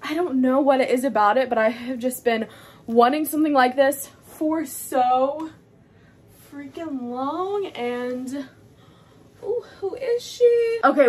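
A young woman talks into her phone camera at home, her voice sitting high and light. She gushes, trails off and restarts in breathless, chatty excitement, full of fillers. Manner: bubbly, gushing, chatty with many fillers. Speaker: fashion haul vlogger. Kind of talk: casual excited chat to camera.

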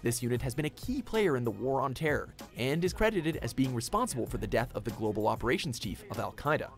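A man's voice: medium pitch, animated, quick pace, faint music behind. A man reading a scripted narration for a top-ten list video, punchy with wry asides.

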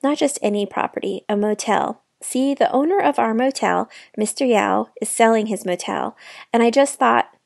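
A woman's voice: on the high side, normal speed, vocal fry, dry recording, studio quality. A woman reading aloud, voicing a proud, worried mother who puts on a cheerful front. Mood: coaxing. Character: proud, anxious immigrant mother.

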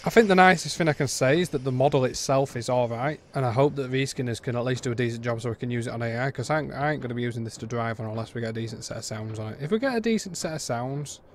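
A man's voice: mid-range voice, rapid-fire, hardly any pauses, slight background noise. A British man giving a casual, blunt and exasperated game review, rambling with frequent restarts.

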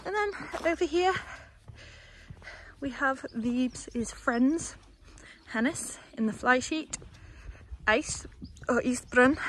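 A woman's voice: a little high, a bit bright, a little hiss or hum. A young woman, casually chatting as she gives a walking tour of a horse yard. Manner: chatty, rambling, coos at the animals. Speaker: stable staff member giving a tour.

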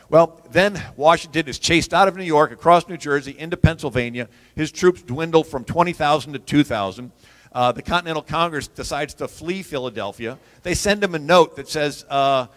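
A man telling history stories as an animated storyteller, swinging from loud to hushed and laughing at his own jokes. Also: a little high, moderate pace. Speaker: historian and radio host. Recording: long hall reverb.

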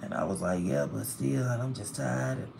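Tired, gravelly man livestreaming from hospital. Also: medium pitch, lively intonation, moderate pace, slight background noise. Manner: chatty, vents and complains loudly about hospital bills. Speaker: livestreamer reading comments. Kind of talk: casual live stream chat. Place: hospital room.

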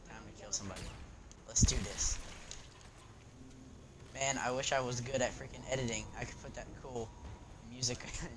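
A gaming channel host giving live gameplay commentary, excitable and chatty with viewers, yelping and shouting when something happens in the match. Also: medium pitch, moderate pace, long pauses, noisy background. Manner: excitable, yelps and shouts at game moments; chatty, talks to viewers between rounds.

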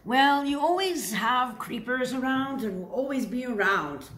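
A woman's voice: high-pitched, expressive, a little slow, fairly bright tone. A woman giving a casual tarot reading to camera, playful and chatty, often asking rhetorical questions and answering them herself. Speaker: tarot reader. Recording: echoey room with faint hiss.

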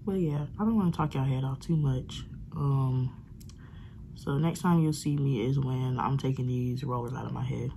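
Young woman vlogger, low voice, rambling casual chat into a handheld phone, noticeable background noise. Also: fairly even intonation, moderate pace, creaky. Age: 20s. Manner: chatty, rambling, uses dialect slang. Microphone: phone camera held close.

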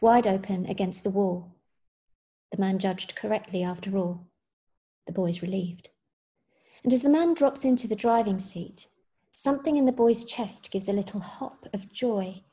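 A woman teacher reads a literary short story to her class, measured and expressive. Her voice sits at an ordinary pitch and sounds mellow and warm. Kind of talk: reading a short story aloud.

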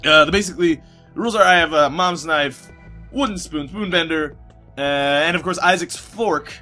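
A man's voice: on the high side, moderate pace, sharp tone, faint music behind. A man narrating his video game run, rambling and chatty as he plays, full of fillers and restarts. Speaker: gaming YouTuber. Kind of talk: let's play commentary.

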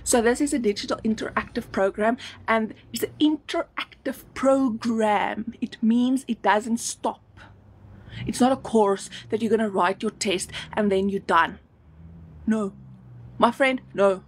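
A South African woman doing a live-streamed sales pitch for an online business. She is emphatic, repeats words over and over, and sounds slightly out of breath. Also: measured pace, husky.

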